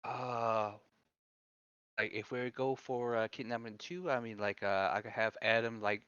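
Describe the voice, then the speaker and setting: A man's voice: mid-range voice, steady tone, unhurried, a bit bright, clean tone, no room sound, dull audio. A man playing in a tabletop game over voice chat, talking hesitantly with many fillers. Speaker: player.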